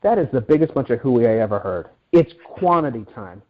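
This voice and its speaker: A man's voice: medium pitch, sing-song, brisk. A middle-aged man being interviewed as an author, telling stories animatedly with frequent restarts and repeated words. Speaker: guest author. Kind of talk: interview storytelling. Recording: dull lo-fi audio.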